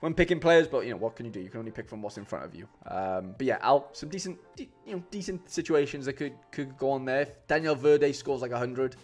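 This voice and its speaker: A man chats casually to his live-stream viewers in a middle-pitched voice, rambling with plenty of fillers and restarts. Faint music plays quietly behind him. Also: expressive, fast, hardly any pauses. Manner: chatty, rambling, many fillers and restarts, says "mate" a lot. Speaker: streamer building fantasy football lineups.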